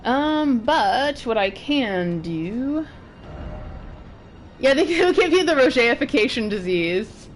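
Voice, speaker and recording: A young woman streaming a game, chatting and gushing excitedly as she plays and reacts. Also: high voice, slow pace, a little hiss or hum. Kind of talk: live gameplay commentary. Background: game music.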